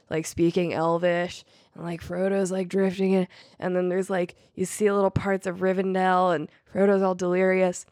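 A woman's voice: fairly low pitch, flat delivery, moderate pace, a little mellow, dry recording, clean studio sound. A young woman co-hosting a podcast in casual chat, full of ironic self-mocking jokes. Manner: joking, ironic self-mockery. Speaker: podcast co-host.

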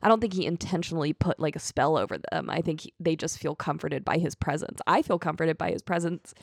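A young adult woman co-hosting a podcast in casual, animated chat, swearing and laughing often. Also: sits low, quick pace, vocal fry, no echo, studio quality. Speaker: podcast co-host.

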